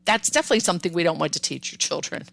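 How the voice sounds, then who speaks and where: An older woman hosting a parenting podcast, giving advice in a calm, firm, instructive way with repeated emphasis. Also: on the low side, racing, vocal fry, no room sound.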